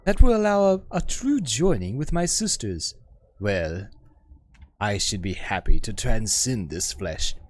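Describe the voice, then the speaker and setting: A man's voice: fairly low pitch, big pitch swings, a little slow, a little mellow. A man voicing a serene, formal woman scholar with careful, precise diction in a game. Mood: measured, gracious.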